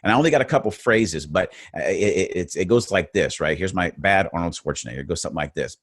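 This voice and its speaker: Deep-voiced earnest male webinar speaker. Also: expressive, quick pace, dry recording, clean studio sound. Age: middle-aged. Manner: earnest, repeats words while building points. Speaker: motivational speaker. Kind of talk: faith-based webinar talk.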